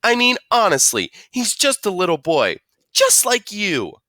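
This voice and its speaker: A man's voice: sits high, huge pitch swings, measured pace, bright, forceful tone, dry recording, studio quality, pitched above the performer's own voice, heavily acted. A man voicing a firm, scolding mother in a storybook read-aloud. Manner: scolding, lecturing.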